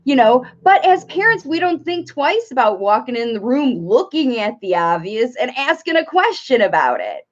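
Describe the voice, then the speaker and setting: Sex: woman. Style: animated live parenting advice. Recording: dull lo-fi. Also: a little high, normal speed, few pauses. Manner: animated, demonstrates playful sing-song phrases. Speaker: speech therapist and parent coach. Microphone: live stream. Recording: dull lo-fi livestream audio.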